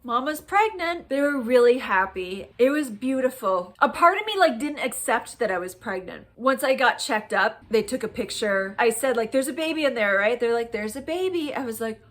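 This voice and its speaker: A woman in her late thirties tells a personal story straight to her phone camera, chatty and easygoing. She acts out the lines other people said as she goes. Her voice sits a little high for a woman. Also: moderate pace, hardly any pauses. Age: 30s. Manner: chatty, animated retelling with quoted dialogue and laughs. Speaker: vlogger.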